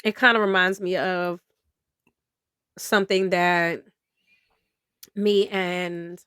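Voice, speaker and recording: A woman co-hosting a podcast in casual chat, talking in a relaxed, slangy way with lots of fillers and restarts, and sometimes reading an article aloud. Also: lowish voice, slow, smooth, no room sound, studio quality. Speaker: podcast co-host.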